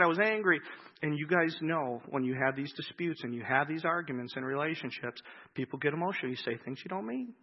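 Preaching from the pulpit, this man alternates between forceful, dramatized quotations and quiet, unhurried reflection. His medium-pitched voice has a husky grain, and the audio has its high frequencies cut off.

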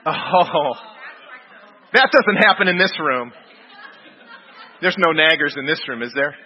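A man's voice: a little high, lively intonation, measured pace, some chatter behind. A man leading an interactive church group workshop, repeating answers back and joking lightly with the group. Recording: dull recording in a reverberant hall.

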